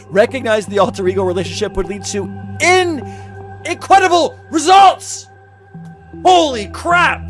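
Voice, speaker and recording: Exasperated man reading legal text aloud. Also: on the high side. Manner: exasperated, sarcastic, stumbling over legal wording. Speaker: commentary YouTuber. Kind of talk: casual reaction commentary reading a lawsuit.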